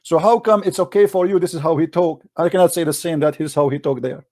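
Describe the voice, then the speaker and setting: Male host, heated debater, insistent, broken English, a bit high-pitched. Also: fast talker, a little mellow, no echo, clean studio sound.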